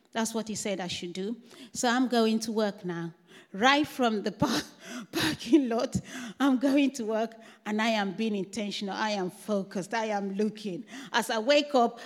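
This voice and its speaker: A woman's voice: on the high side, a little slow. Give me an older woman sharing a testimony sermon in a reverberant church hall. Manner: warm storytelling, laughs often. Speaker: church member giving testimony.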